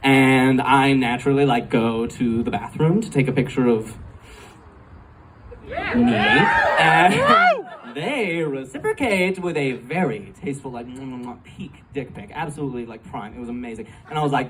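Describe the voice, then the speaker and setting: A man's voice: medium pitch, big pitch swings, normal speed. A man in his twenties doing a stand-up comedy set, telling a rambling story full of "like" and frequent giggles. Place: comedy club stage. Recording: distant live club recording, faint room noise.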